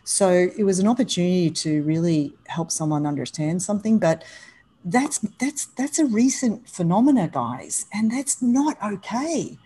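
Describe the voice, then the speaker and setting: A woman speaking as a guest on a podcast, telling candid stories in an animated, emphatic way. She laughs easily and moves between hushed asides and loud bursts. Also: mid-range voice, moderate pace, low-quality recording. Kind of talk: candid conversational storytelling.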